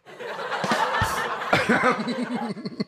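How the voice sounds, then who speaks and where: A man's voice: very high voice, sing-song, drawn-out words, sharp tone. Crude, joking man on a podcast. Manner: crude, joking, laughs often, rambling. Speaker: podcast host. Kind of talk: casual podcast chat.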